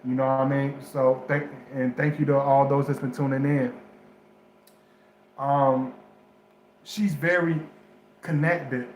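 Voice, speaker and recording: A man who vlogs about astrology gives dating advice straight to camera in a loose, casual chat, rambling, repeating himself, and restarting sentences, using African American Vernacular English grammar. His mid-range voice stays steady and slow with frequent pauses. The room is echoey, with faint ambient sound and a slight hiss or hum.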